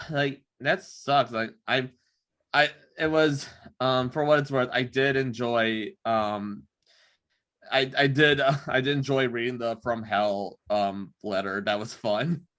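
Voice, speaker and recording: A man, a podcast co-host, talking in a casual, halting way, full of restarts and ums. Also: mid-range voice, fairly even intonation, a bit bright. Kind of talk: casual chat.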